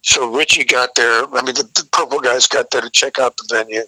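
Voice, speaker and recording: An older man, a veteran rock vocalist, relaxed and rambling through tour stories. His voice is very bright and forward. It sits close and dry on the mic. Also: mid-range voice, brisk, no echo, low-quality recording. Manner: rambling anecdotal, frequent restarts, profane. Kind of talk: casual storytelling interview.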